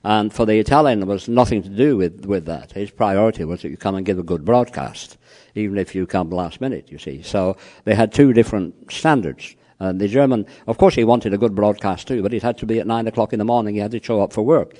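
A man with a very deep voice lectures a live audience on cultural differences. He speaks conversationally, leaning on "you know" and anecdotes, and pauses to quiz the room. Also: mellow. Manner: frequent "you know" fillers. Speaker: lecturer on cross-cultural communication.

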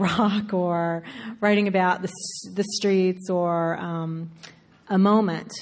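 A woman author from Alabama with a faint Southern accent, talking through her writing in a relaxed interview, full of fillers and quick laughs. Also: on the low side. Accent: faint Southern American. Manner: chatty, frequent fillers and self-interruptions, laughs often. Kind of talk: conversational interview, thoughtful. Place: live event before an audience. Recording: reverberant hall.

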